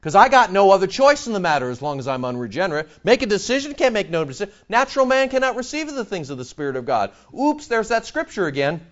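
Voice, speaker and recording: A man preaching with a high, lively voice that swoops up and down as he fires sarcastic rhetorical questions at his congregation. The sound is dull and lo-fi. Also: quick pace, few pauses. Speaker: pastor. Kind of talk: sermon.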